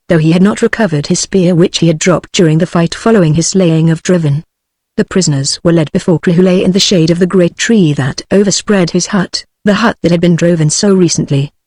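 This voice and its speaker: A synthetic woman's voice with a British English accent, reading a novel aloud in an even, unchanging text-to-speech delivery. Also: fairly low pitch, no echo. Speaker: narrator.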